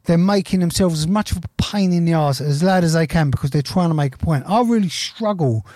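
A man's voice: on the high side, a little fast, a little mellow, no echo, studio quality. A man co-hosting a podcast, teasing his guests with sweary banter in casual comedy chat. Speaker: podcast co-host.

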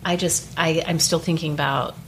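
Woman, podcast host, lowish voice, gushing and chatty, faint noise behind. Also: fairly even intonation, a bit bright. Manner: enthusiastic, quick to agree, gushing. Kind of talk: casual chat.

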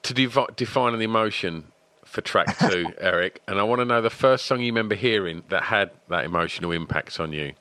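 Bright-voiced man hosting an interview. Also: fairly low pitch, a little fast, no room sound. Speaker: podcast host. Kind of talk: casual interview.

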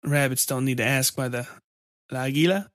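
A man's voice: medium pitch, no echo, studio quality, natural voice. A man doing a resigned, fatalistic man. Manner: slow, resigned, occasionally cursing in Spanish.

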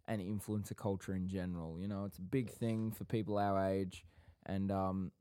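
A man's voice: low-pitched, level tone, moderate pace, warm tone, clear, resonant tone. A young man co-hosting a podcast, chatting casually in a rambling, teasing and playfully theatrical way. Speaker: podcast co-host.

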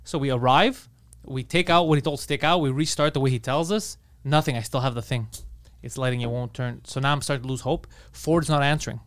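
Fast-talking man telling an exasperated story. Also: mid-range voice, no room sound. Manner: swears a lot, acts out exasperated quotes. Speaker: podcast co-host. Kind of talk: animated storytelling in casual chat.

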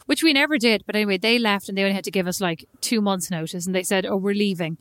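A woman's voice: mid-range voice, racing, fairly bright tone, no echo. Chatty woman with a dry close sound. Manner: chatty storyteller, acts out quoted exchanges. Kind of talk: casual chat.

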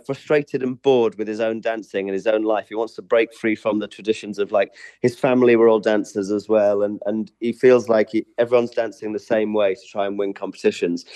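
A man's voice: fairly low pitch, dark tone, no echo. A man from England, a stage performer being interviewed, chatting casually and laughing easily.

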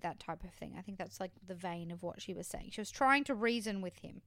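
A woman's voice: medium pitch, brisk, fairly bright tone, no echo. A woman co-hosting a podcast, carefully explaining and correcting details of a TV show. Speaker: podcast co-host. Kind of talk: casual chat recapping a TV show.

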